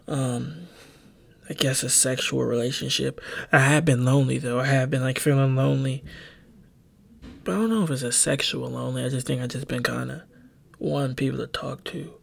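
Gravelly young man rambling into a mic. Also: medium pitch. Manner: rambling, hesitant, full of ums and self-corrections. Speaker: podcast host. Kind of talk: solo confessional podcast talk. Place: home bedroom. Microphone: close desk microphone.

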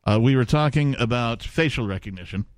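A man's voice: mid-range voice, fairly quick, no echo. A man hosting a casual talk radio show, chatting with fillers and asides. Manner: conversational, drawls with fillers. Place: radio studio.

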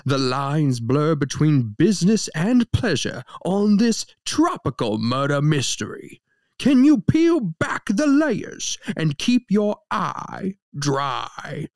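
Man putting on a drawling Southern gentleman narrator. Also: on the high side, sing-song, no echo, studio quality, pitched above the performer's own voice, full character voice. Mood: grandiose. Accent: Southern US put-on, Savannah. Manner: drawling, slow and grandiose. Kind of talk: mock movie-trailer narration.

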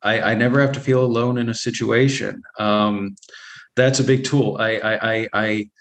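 A man's voice: fairly low pitch, fairly even intonation, low-quality recording. A man in his thirties telling his personal recovery story candidly, with frequent restarts, fillers and small laughs. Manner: halting, many repeated starts and fillers, laughs often. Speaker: guest sharing recovery story.

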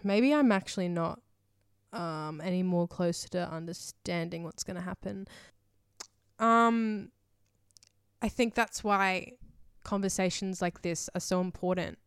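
A woman's voice: on the low side, a little slow, pauses often, clean tone, no echo, clean studio sound. A woman hosting a solo podcast, talking in a rambling, emotional way full of fillers and casual swearing. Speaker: podcast host.

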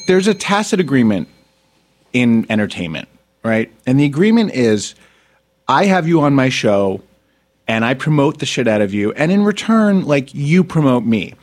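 A man who hosts a podcast and used to do comedy, ranting bluntly with plenty of swearing. His voice sits mid-pitch and swings widely as he gets worked up, and his tone stays indignant. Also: a little mellow. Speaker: podcast host, former comedian. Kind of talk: casual podcast rant.

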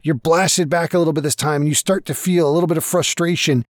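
A man runs a tabletop game, his voice sitting a touch high and heard close in a dry space. He narrates with playful drama, throwing in casual profanity. Scenes roll out in vivid, teasing detail. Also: fairly even intonation, fast talker, no room sound. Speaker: game master.

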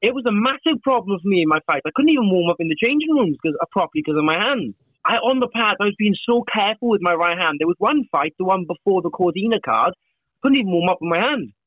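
A man's voice: high voice, fast, dry recording, narrow, tinny audio. A Welsh man, a boxer, telling jokey stories in a casual chat. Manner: excitable, jokey storyteller. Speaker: boxer guest.

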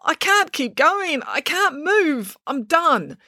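A woman's voice: high voice, expressive, a bit bright, no room sound, clean studio sound, voice pushed up. A woman voicing an exhausted, whiny young boy who pleads weakly. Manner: weak, pleading, slow.

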